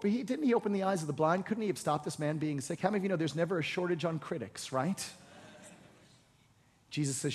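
A man preaching a sermon, retelling a Bible story with voiced lines and building to loud, shouted exhortation. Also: medium pitch. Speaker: pastor. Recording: long hall reverb.

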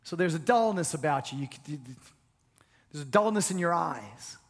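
Pastor delivering an earnest sermon, high voice, frequent restarts, long hall reverb. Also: male voice, expressive, moderate pace. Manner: earnest preaching with repeated stammered restarts.

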